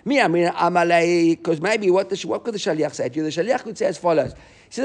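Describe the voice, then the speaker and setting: A man teaching a Talmud class, explaining the text quickly and animatedly, mixing in Hebrew and Aramaic terms. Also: sits high, lively intonation.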